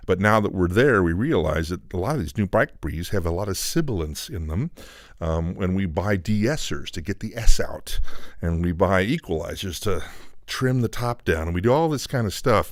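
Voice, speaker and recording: Low-voiced man explaining studio gear. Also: dry recording. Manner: loose, explanatory, with frequent fillers. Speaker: equipment designer demonstrating a preamp. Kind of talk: technical product demonstration. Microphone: studio microphone, moving on and off it.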